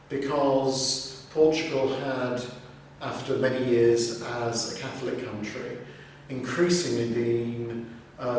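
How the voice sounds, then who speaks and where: A man's voice: medium pitch, recorded from a distance. Deacon man telling a story in a very echoey room. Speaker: deacon, interviewee. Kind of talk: conversational interview. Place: large reverberant room in a seminary. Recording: very echoey room, voice off-mic, faint noise.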